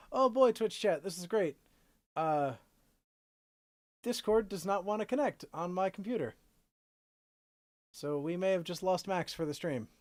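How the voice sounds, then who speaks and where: A man's voice: high voice, lively intonation, unhurried, long pauses, darkish tone. A man live-streaming a card game, casually thinking aloud with playful jokey asides. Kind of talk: casual gameplay commentary.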